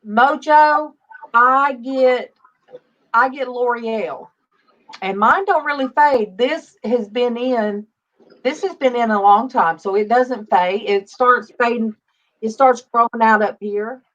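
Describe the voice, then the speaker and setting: A woman's voice: a little high, slow pace, fairly bright tone. A woman in her fifties hosting a casual faith livestream, chatty and greeting viewers by name. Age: 50s. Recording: dull lo-fi stream audio.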